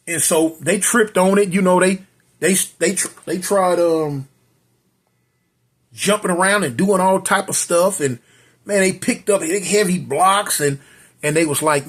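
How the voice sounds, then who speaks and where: Husky storytelling man, high voice. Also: unhurried, a bit bright. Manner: loose, conversational, dramatic sound effects. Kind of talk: spoken serial story.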